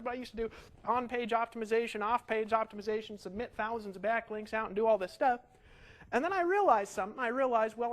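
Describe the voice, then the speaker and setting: A man giving an energetic marketing webinar from a home setup, talking in a pushy sales patter full of rhetorical questions. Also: high voice, low-quality recording.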